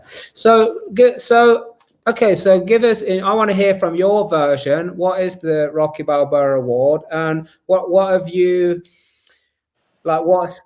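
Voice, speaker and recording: Energetic male host, higher voice. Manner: energetic, rambling with restarts. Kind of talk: live-stream chat.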